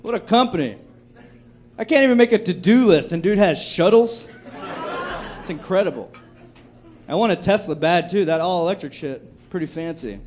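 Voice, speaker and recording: High-voiced man doing profane stand-up. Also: animated, normal speed, long pauses, darkish tone, slight background noise. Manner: profane, rambling, laughs at own jokes. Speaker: stand-up comedian. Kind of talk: stand-up comedy set. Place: comedy club stage. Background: audience laughter.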